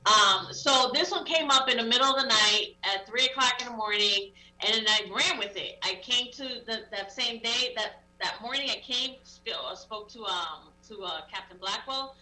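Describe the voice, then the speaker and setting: A woman's voice: on the high side, moderate pace, hardly any pauses, bright, forceful tone. Female officer guest, rambling anecdote style, echoey room, mic at a distance. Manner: chatty storytelling with many fillers. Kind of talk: casual radio interview. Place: radio studio.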